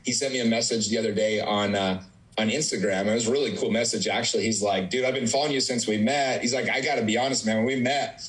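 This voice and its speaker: A man's voice: fairly low pitch, steady tone, fast talker, fairly bright tone, rough recording. A young man, a real estate agent, telling casual stories in a rambling way full of "like". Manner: rambling, heavy use of "like". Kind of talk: casual conversational storytelling.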